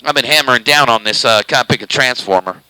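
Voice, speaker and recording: A man with a clear, resonant, mid-range voice speaks at a quick pace, sounding pushed and bright. Broadcasting his CB radio station live from home, he drawls casually and keeps very close to the microphone, saying he eats it. The low-quality recording has no room sound.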